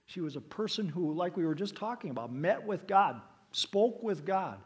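A middle-aged man preaching a sermon as pastor, telling stories and swinging between loud emphasis and hushed asides. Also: high-pitched, lively intonation, normal speed, husky.

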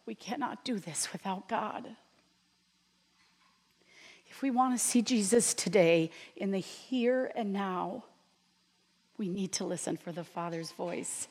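A woman delivers a sermon at an unhurried, measured pace, leaning on each phrase and letting some fall to a hush. Her voice rings out with a long reverb, as if filling a large sanctuary. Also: medium pitch, husky. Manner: earnest, slow and deliberate, dropping to near-whispers. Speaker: preacher. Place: church sanctuary.

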